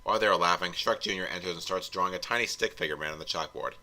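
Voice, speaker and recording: A man's voice: low-pitched, very fast, sharp tone. A man hosting a comedic fanfiction read-along, reading narration with wry asides. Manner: wry, breaks into laughter. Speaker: host, fanfiction reviewer.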